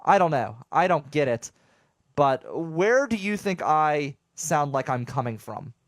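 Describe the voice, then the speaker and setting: Animated, rambling young male show host. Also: on the high side, a little slow, dry recording, clean studio sound. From southwestern Pennsylvania. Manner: animated, rambling, jokey, lots of stammered restarts. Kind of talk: casual monologue to listeners. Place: home studio.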